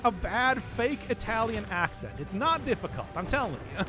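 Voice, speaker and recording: A chatty male game streamer with a high, very lively voice that leaps around as he talks. He rambles, restarts his sentences and laughs often, with faint game music playing underneath. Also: normal speed. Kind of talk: casual live-stream chat while playing.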